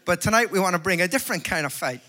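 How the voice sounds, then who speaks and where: A man's voice: high-pitched, animated, racing, sharp tone. A Northern Irish man preaching at a conference, joking with the crowd and building to fervent exhortation. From Northern Ireland. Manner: jokey, rising to fervent exhortation. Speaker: evangelist preacher. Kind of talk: conference sermon with humor. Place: large conference hall before an audience.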